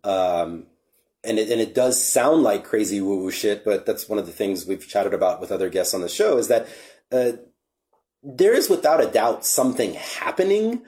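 A man hosting a podcast, chatting in a relaxed, reflective way with casual swearing. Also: fairly low pitch, normal speed. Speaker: podcast host. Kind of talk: casual chat.

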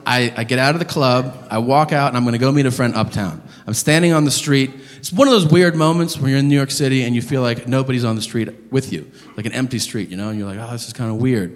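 A man doing stand-up comedy, telling stories in an animated, profane, ranting way. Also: mid-range voice, fast talker, hardly any pauses, big-room sound.

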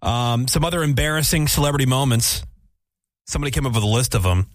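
Male radio host, easygoing banter, mid pitch, close dry studio mic. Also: fast talker, no echo. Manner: relaxed, chatty, slangy storytelling. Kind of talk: casual morning show banter.

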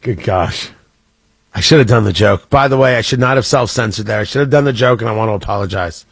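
A man's voice: on the low side, fast talker, vocal fry, breathy edge. A man hosting a radio show with a Midwestern accent, joking and laughing at himself through on-air banter. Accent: American Midwest. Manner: joking, self-deprecating, laughs often. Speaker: radio host.

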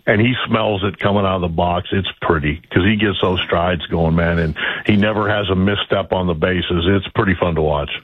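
A husky, slightly low-voiced man in his sixties talks in a folksy, rambling way. He comes through a dull, lo-fi remote line that sounds dry and close. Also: steady tone, normal speed, hardly any pauses. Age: 60s. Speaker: baseball manager, guest. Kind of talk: casual phone-in interview.

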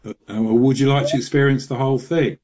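A man's voice: mid-range voice, fairly even intonation, fast talker, darkish tone. Chatty man with frequent restarts. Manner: chatty, full of restarts, laughs often. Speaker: guest. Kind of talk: radio interview.

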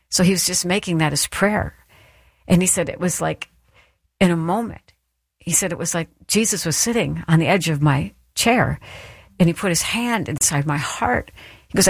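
A woman's voice: lowish voice, normal speed, slightly rough, dry recording, studio quality. A woman telling a personal story and then giving an earnest, encouraging devotional talk. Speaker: Christian speaker. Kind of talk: devotional teaching.

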